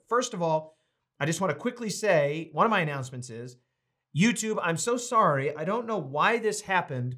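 A man's voice: a little high, fairly bright tone. A man, a pastor hosting a livestreamed reading series, greeting viewers one by one and making announcements in an upbeat, casual way.

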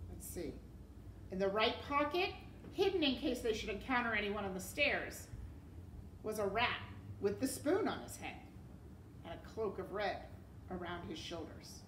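A woman teacher reading a novel aloud expressively to her class and pausing to ask them questions. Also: mid-range voice, animated, fairly bright tone, reverberant, recorded from a distance, a little hiss or hum.

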